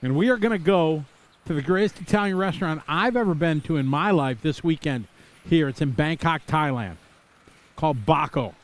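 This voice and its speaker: A middle-aged man from Wisconsin calls a live race in a somewhat high-pitched voice. He drifts into chatty, nostalgic asides between the position updates, then snaps back to the running order. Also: normal speed. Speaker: race commentator.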